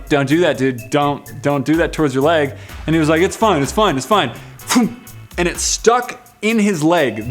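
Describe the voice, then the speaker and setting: Male vlogger in his twenties, slightly high voice, playful and joking as he reads comments, light music bed. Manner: playful, jokey, animated. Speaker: vlog host. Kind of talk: reading viewer comments aloud.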